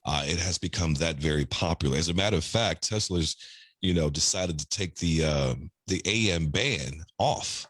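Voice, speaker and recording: Middle-aged guy with a real low husky baritone, laid back, chuckles as he talks, dry sound. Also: moderate pace, fairly bright tone, dry recording. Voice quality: deep baritone. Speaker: radio personality guest. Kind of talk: casual interview chat.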